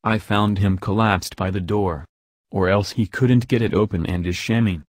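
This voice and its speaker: Narrator reading a grim, suspicious stranger in an audiobook, low voice, dry close sound. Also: male voice, steady tone, normal speed, no echo, lightly acted. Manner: grim, fierce. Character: fierce, suspicious mysterious man, grim-tempered.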